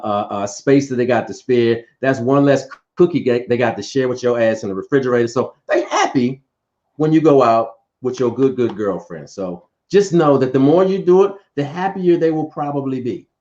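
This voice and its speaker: A man in casual relationship talk, playful and lively, often repeating words as he gets going. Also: mid-range voice, highs cut off. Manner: animated, playful, repeats words when excited.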